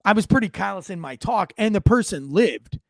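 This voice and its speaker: Blunt, gravelly-voiced ex-cop man. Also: high voice, expressive, a little fast, dry recording, studio quality. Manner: blunt, profane and indignant. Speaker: former police officer commenting on videos. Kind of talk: video commentary.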